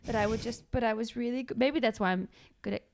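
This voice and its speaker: A woman's voice: on the high side, fast, gravelly, darkish tone, a little hiss or hum. A young woman hosting a podcast, chatting expressively and acting out quotes with whispered asides. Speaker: podcast host. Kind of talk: casual podcast conversation.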